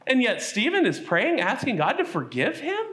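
A man telling a Bible story at a children's church service, animated and asking the kids questions. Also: very high voice, normal speed.

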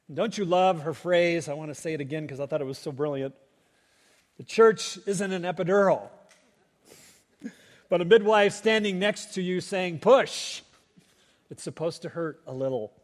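A male pastor preaching a Sunday sermon, emphatic and swelling in volume at key phrases. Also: high-pitched. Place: church sanctuary. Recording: long reverb of a church sanctuary.

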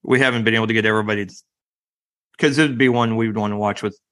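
A man's voice: on the low side, steady tone, very fast, fairly bright tone. A man co-hosting a casual movie podcast, rambling and restarting his sentences, laughing often. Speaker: podcast co-host. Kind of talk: casual chat about movies.

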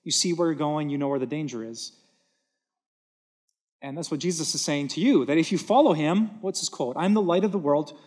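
A man's voice: on the high side, a little mellow. A man preaching a sermon from a church stage, earnest and emphatic, repeating words for stress. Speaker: pastor.

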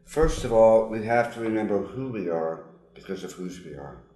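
A man's voice: on the low side, expressive, dark tone. Older man, altered diction, roomy sound. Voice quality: slightly altered articulation from tongue surgery. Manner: earnest, emphatic, with frequent pauses and fillers. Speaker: guest, psychologist. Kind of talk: personal testimony in an interview.

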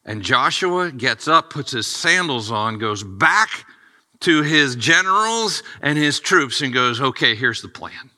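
A middle-aged male pastor preaching a sermon, animated and acting out the dialogue with rising excitement. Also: mid-range voice, measured pace.

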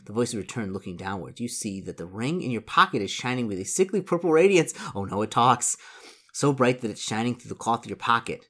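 Man reading a gamebook, lively voice. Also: mid-range voice. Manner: halting reading, stumbles on words, animated asides. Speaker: reader playing a solo gamebook. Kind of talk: reading aloud with asides.

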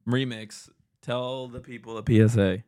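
A man's voice: mid-range voice, fairly even intonation, normal speed, warm tone, clean tone, dry recording, clean studio sound. A man co-hosting a casual podcast, teasing and sarcastic in his banter. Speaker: podcast co-host and editor.

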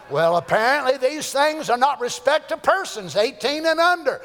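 A man's voice: very high voice, sing-song, normal speed, few pauses, fairly bright tone. A man preaching a fervent, folksy sermon in a church. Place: church sanctuary. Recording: echoey church hall.

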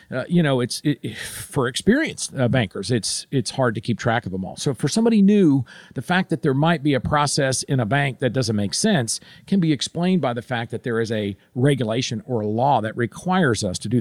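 A man speaking straight to the listener with career advice, animated, often restarting his sentences. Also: medium pitch, dry recording, clean studio sound. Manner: animated, addresses listener directly with frequent restarts. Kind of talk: direct-to-camera advice talk.

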